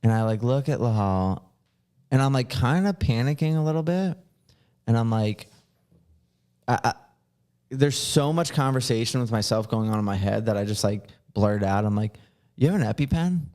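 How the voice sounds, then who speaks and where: A man's voice: mid-range voice, moderate pace, a little mellow. A man hosting a podcast, telling a long story in a casual, rambling way with lots of fillers and swearing. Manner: rambling, swears freely, many filler likes. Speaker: podcast host.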